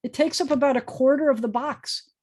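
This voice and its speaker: A woman rabbi leads an online Hebrew class in a patient, explanatory way. She sounds out syllables slowly and clearly for her students. Her voice comes through a video call. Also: sits high, a little mellow.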